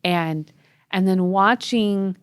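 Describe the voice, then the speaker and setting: A woman's voice: medium pitch, takes it slowly, clean tone, no room sound, clean studio sound. A woman co-hosting a casual faith-based podcast, talking in a reflective, agreeable way. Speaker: podcast co-host.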